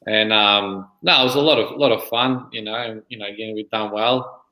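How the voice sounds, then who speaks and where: A man in his thirties, a guest on a podcast, talking in a relaxed, rambling way. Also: fairly low pitch, moderate pace, echoey room, low-quality recording. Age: 30s. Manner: relaxed, lots of "you know" fillers. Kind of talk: casual interview.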